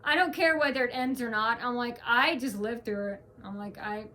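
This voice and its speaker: A woman's voice: a little high, moderate pace, bright, forceful tone. A woman venting in a casual, rambling vlog rant, restarting her sentences and stressing her points. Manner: rambling, restarts often, emphatic. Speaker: vlogger.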